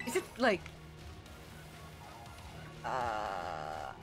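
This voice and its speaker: A woman's voice: rumbling low, wildly swooping pitch, drawn-out words, faint music behind. A woman streaming a video game, chatting casually with her viewers and giggling often. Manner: giggly and chatty, reacting to chat. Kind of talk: casual livestream chat while playing.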